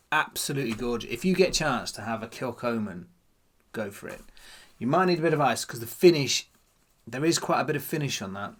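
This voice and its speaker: A man's voice: medium pitch, fairly bright tone, husky. A man hosting his own whisky channel, chatting casually to camera and musing aloud as he tastes. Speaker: whisky vlogger. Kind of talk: casual tasting chat to camera.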